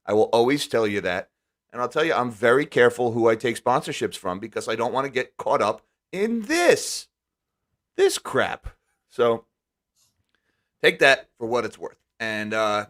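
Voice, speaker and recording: A man's voice: mid-range voice, fairly bright tone. A man in a middle register hosts a casual live stream. He speaks candidly and with emphasis, and he often stumbles and starts his words over. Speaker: host.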